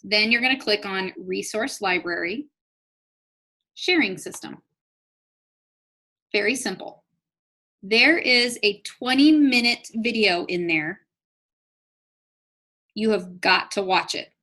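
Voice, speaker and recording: A woman's voice: mid-range voice, expressive, takes it slowly, pauses often, pushed and bright. A woman leading a live online business training, chatty, upbeat and encouraging, talking straight to her audience. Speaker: network marketing trainer.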